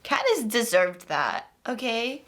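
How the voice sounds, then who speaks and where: A woman's voice: fairly high pitch, very animated, slow, a bit bright. A young woman book vlogger chatting casually and animatedly about a novel, often laughing. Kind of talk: casual reading vlog.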